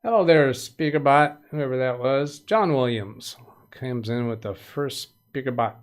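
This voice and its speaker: A man's voice: medium pitch, measured pace. Chatty man hosting a live stream. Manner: chatty, greets viewers by name, light punning. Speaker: livestream tech help host. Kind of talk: casual live stream chat.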